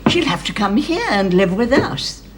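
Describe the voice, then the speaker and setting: A woman's voice: mid-range voice, sing-song, moderate pace, a little hiss or hum, natural voice. An actress playing a composed, refined English lady of the house who speaks in a genteel, matter-of-fact way. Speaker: lady of the manor.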